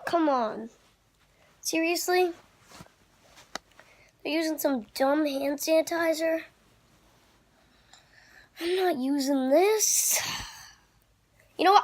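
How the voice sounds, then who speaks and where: A man's voice: very high-pitched, fairly bright tone, slight background noise, heavily acted. A man doing a whiny puppet dad. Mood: exasperated. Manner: whiny and complaining. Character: whiny, smelly puppet father, self-pitying. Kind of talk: homemade puppet comedy.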